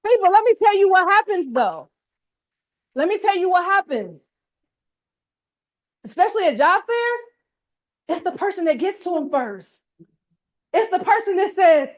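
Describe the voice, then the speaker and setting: A woman's voice: very high-pitched, animated, moderate pace, pauses often. A woman leading a motivational workshop, pumping up a live audience with colloquial call-and-response. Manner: colloquial, uses "y'all". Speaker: workshop speaker. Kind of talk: energetic motivational workshop talk.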